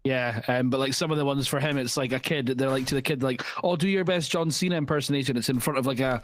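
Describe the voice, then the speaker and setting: A man's voice: medium pitch, fast talker. A young man co-hosting a podcast, chatting enthusiastically with plenty of swearing and restarts. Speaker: podcast co-host. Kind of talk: casual chat.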